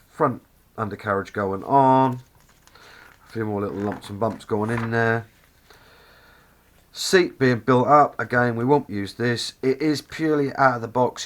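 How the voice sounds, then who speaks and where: A man's voice: medium pitch, measured pace. A man with a Norfolk accent casually walking through a model kit review, enthusiastic and rambling, often correcting himself mid-sentence. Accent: Norfolk English.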